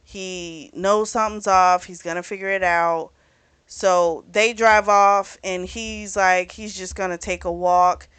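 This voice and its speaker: A woman's voice: medium pitch, steady tone, unhurried, a bit bright, clear, resonant tone, no echo. A woman host casually recapping a novel for a book club, talking in a chatty way and filling her retelling with "you know" and "he's like.".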